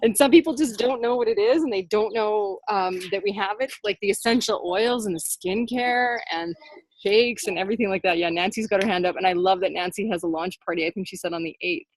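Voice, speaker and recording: A woman's voice: medium pitch, a little fast, dry recording. A young woman leading a team video call, chatty and encouraging, saying "like" a lot. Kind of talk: casual team call pep talk.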